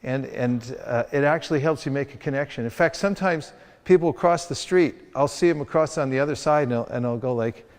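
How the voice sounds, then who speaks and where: A man's voice: medium pitch, fairly quick, few pauses, a little mellow. A man leading a hands-on training session for a group, playfully acting out street encounters as he teaches. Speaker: sales trainer. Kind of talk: hands-on training talk with demonstrations. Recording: long reverb of a hall.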